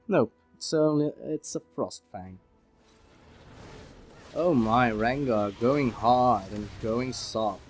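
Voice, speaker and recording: Guy rambling over his game footage, mid-pitched, chatty and self-deprecating, soft music underneath. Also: slow. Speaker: gameplay commentator. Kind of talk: casual commentary over his own gameplay. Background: faint background music.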